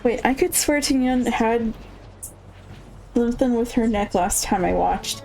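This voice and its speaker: A woman's voice: a little high, a little slow, gravelly, dark tone, faint music behind, rough recording. A woman streaming a video game, chatting casually and reading dialogue aloud with playful asides.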